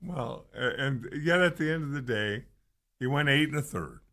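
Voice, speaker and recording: Bright-voiced calm radio co-host. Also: male voice, mid-range voice, normal speed. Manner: calm, reasoning pushback. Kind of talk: sports talk radio banter.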